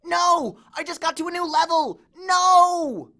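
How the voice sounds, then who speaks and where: A man voicing a frantic, game-obsessed young male satyr who shouts shrilly. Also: extremely high pitch, steady tone, normal speed, vocal fry, voice pushed up, full character voice.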